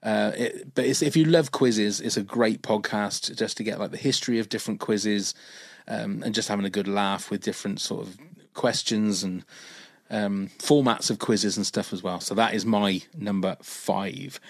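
A man's voice: fairly low pitch, steady tone, moderate pace, dry recording. Chatty man with a dry, close sound. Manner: rambling, enthusiastic, many fillers. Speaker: podcast co-host. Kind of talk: casual chat.

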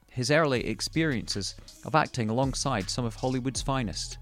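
A man hosting a podcast, reading a polished introduction and asking questions in a measured way. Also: medium pitch. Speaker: podcast host. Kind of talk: scripted intro then interview.

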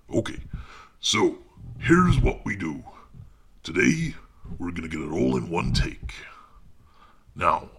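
Man playing a gravelly, pompous writer. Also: on the low side, pushed and bright, heavily acted. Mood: condescending. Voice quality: pompous, rambling, condescending. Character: pompous self-important male writer. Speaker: author recording his audiobook. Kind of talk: comic monologue.

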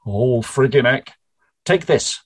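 A woman's voice: very deep voice, lively intonation, slow, slightly rough, full character voice. A man reading a storybook and voicing a bossy, commanding village witch woman who snaps orders. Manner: curt, snapping orders.

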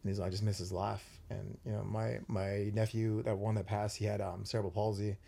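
A man's voice: on the low side, little pitch movement, fairly quick, creaky, dark tone. A young man hosting a podcast, talking earnestly with many fillers and restarts. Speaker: podcast host. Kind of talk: casual chat.

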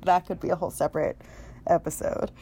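A young adult woman hosting a podcast, telling stories in a chatty, animated way and laughing often. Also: low voice, fast, vocal fry, slightly rough. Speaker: podcast host. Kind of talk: casual podcast chat.

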